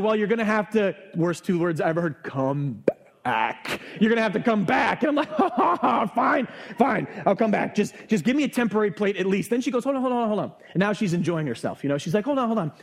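A male pastor preaching a sermon, telling a lively personal story and acting out the exchanges in church. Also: sits high.

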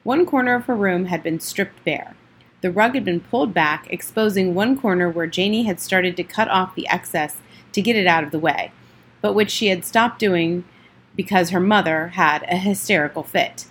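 A woman reading a children's novel aloud in a plain, steady way, with the odd slip and restart. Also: on the low side, moderate pace, a little hiss or hum. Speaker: audiobook reader.

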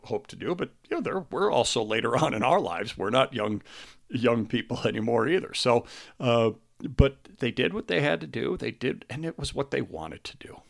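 A middle-aged man hosting a podcast, speaking about a recent loss in a halting, earnest way, grieving and close to tears. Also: mid-range voice, creaky. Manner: halting and earnest, with many restarts. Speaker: podcast host. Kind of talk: personal monologue.

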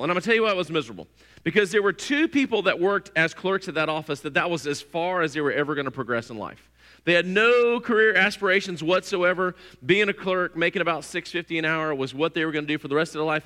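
A middle-aged man, preaching a sermon in a church and telling stories with lively, acted-out voices. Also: fairly high pitch. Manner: lively storytelling, acts out voices. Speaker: pastor. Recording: long hall reverb.

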